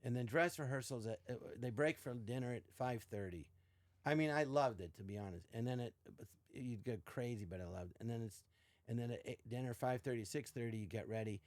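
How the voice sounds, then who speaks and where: Older man, podcast guest, casual storytelling, animated quotes, mid pitch, dry close sound. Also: fairly quick, dry recording. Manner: animated, acts out quotes in varied voices.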